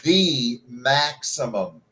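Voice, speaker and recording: A man's voice: medium pitch, expressive, extremely slow, noisy background. A man from Kentucky hosting a podcast, chatting casually and rambling with many restarts. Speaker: podcast host. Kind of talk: casual chat.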